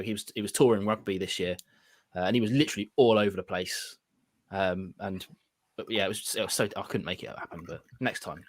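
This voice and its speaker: A relaxed man hosts a casual livestream roundtable, rambling along with plenty of ums and restarts. His voice sits fairly low, and the sound is dry and close, with little room around it. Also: no room sound. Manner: relaxed, rambling, many fillers. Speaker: host.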